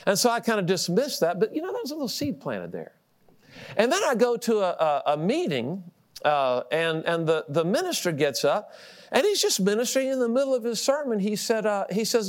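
Animated high-pitched male preacher. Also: brisk. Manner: animated storytelling, repeats words, laughs at himself. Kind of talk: sermon with personal story.

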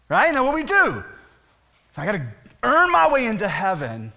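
A man in his thirties preaching a sermon, conversational and animated, asking his listeners questions as he goes. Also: high voice, normal speed, vocal fry. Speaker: pastor.

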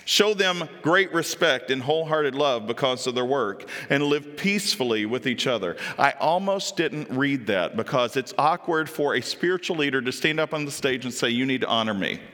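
A man's voice: medium pitch, expressive, normal speed, few pauses, a bit bright, big-room sound. A man preaching a sermon from a church stage. He reads scripture aloud and then comments on it, asking the congregation questions. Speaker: pastor.

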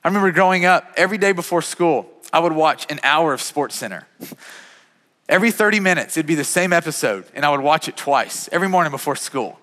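Earnest pastor preaching in a hall. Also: male voice, on the high side, expressive, fast, bright, forceful tone. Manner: earnest, repeats words often. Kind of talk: sermon.

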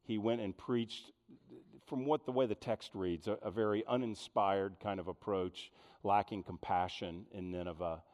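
A man preaching a sermon in an animated way, full of rhetorical questions. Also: lowish voice, moderate pace, long reverb tail. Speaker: pastor.

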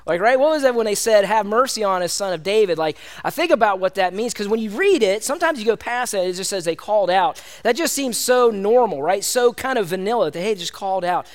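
Pastor, male, high voice, chatty, animated sermon delivery. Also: brisk, few pauses. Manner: conversational and animated, addresses listeners as "gang".

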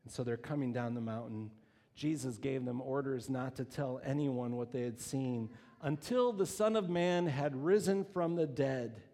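A man's voice: mid-range voice, measured pace, mellow. A man preaching a sermon, telling the story with animation and acting out quoted voices. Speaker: pastor. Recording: long reverb of a hall.

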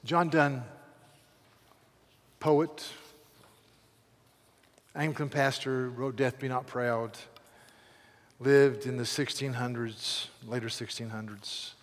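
A man preaching a sermon with passion, swinging between loud calls and hushed, pleading lines. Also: medium pitch, fairly even intonation, slow, pauses often, big-room sound. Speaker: pastor.

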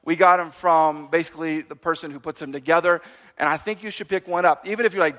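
Man, pastor, sermon, high-pitched, bright tone, animated, playful asides. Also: fast talker.

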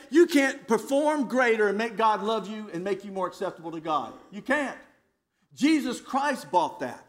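A man preaches with a high, bright voice. He swings from loud, emphatic phrases down to hushed lows. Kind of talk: dramatic sermon.

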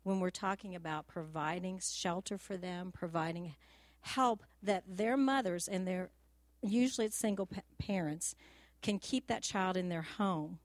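Speaking a little slowly in a lowish voice on a dry recording, a middle-aged churchwoman offers a heartfelt testimony. Her stories are homespun and practical, gently told, and now and then she comes close to tears.

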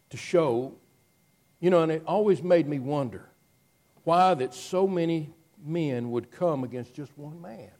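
A man preaching a sermon, telling the story dramatically and moving between hushed passages and loud ones. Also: a little high.

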